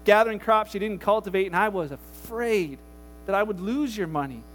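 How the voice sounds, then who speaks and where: A man voicing a frightened servant who stammers his excuses in a lowered, quiet voice. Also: moderate pace, long reverb tail. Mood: fearful. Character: frightened timid male servant making excuses.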